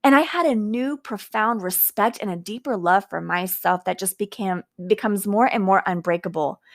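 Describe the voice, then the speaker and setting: Earnest woman sharing a heartfelt reflection. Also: medium pitch. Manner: earnest, heartfelt, faith-filled, slows for emphasis. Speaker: podcast host. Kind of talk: personal reflective monologue.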